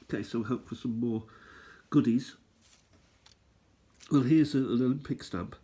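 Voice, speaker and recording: A man with a mellow, husky, mid-range voice hosts a stamp collecting channel. He speaks unhurriedly, rambling and thinking aloud as he casually chats through the items he's showing, like a relaxed show-and-tell.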